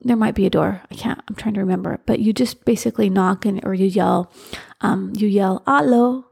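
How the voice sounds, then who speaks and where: A woman's voice: medium pitch, flat delivery, a little fast, vocal fry, mellow, slightly rough. A woman hosting a podcast, speaking earnestly in casual solo talk, with frequent restarts as she tells a personal story. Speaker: podcast host.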